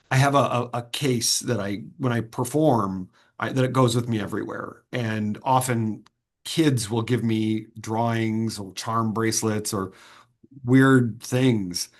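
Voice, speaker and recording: Earnest guy in an interview, mid pitch, keeps restarting, kinda halting. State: choked up. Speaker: interview guest, sword swallower and performer. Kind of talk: reflective interview answers.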